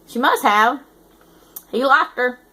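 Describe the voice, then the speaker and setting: Brief: woman author, casual read-aloud with joking asides, fairly high voice. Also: slow, sharp tone. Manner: self-mocking, chatty. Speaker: author reading her own book. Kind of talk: casual reading with chatty asides.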